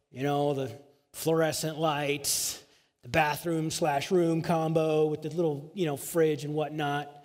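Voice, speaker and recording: A male pastor telling a personal story in a sermon, casual and rambling, full of filler phrases. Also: on the high side. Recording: long hall reverb.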